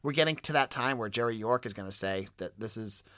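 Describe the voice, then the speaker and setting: Young male podcast host, animated and chatty, crisp bright tone. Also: fairly low pitch, a little fast, dry recording, studio quality. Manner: animated, conversational, frequent restarts and stammers. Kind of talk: solo sports podcast commentary.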